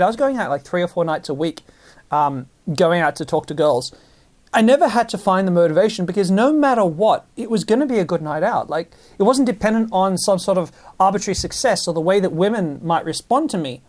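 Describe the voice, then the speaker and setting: A man, possibly, telling stories in a casual monologue, animated and full of restarts. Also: high-pitched, brisk. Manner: animated storytelling with many restarts.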